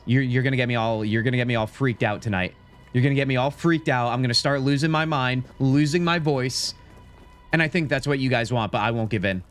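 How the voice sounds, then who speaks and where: A young man streaming a game live, talking to his chat in an excitable, chatty way and throwing in "dude" a lot. His voice sits at an ordinary middle pitch. He comments on everything as he plays.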